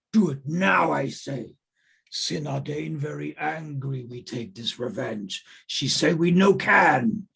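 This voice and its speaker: A brutish, vengeful ogre voiced by a man running the game growls out halting, broken phrases. The voice is gravelly and rough, a bit higher and slower than the performer's own talk. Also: heavily acted. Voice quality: gravelly, raspy. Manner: broken grammar, slow and halting.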